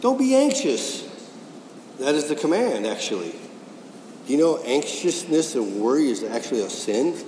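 A man's voice: mid-range voice, lively intonation, normal speed, mellow, slight background noise. A man preaching a sermon, pressing his points with rhetorical questions and repetition. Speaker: pastor. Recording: echoey hall with faint ambience.

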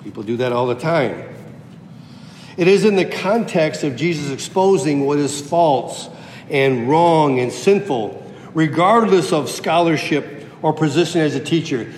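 Pastor, male, teaching sermon, explains the Greek, slightly raised pitch, roomy echo in a church. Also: lively intonation, a little slow, a little mellow, a little hiss or hum. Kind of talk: expository sermon. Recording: echoey hall with long reverb.

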